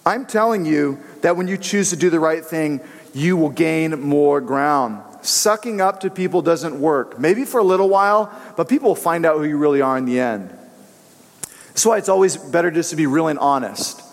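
An earnest male preacher tells personal stories in a loose, conversational sermon. His voice sits fairly high, and a long hall reverb trails behind each phrase. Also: animated, normal speed, vocal fry.

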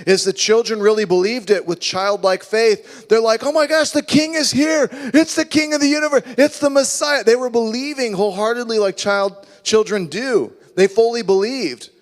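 Male pastor, slightly high voice, animated sermon delivery, long hall reverb. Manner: animated preaching, acts out voices.

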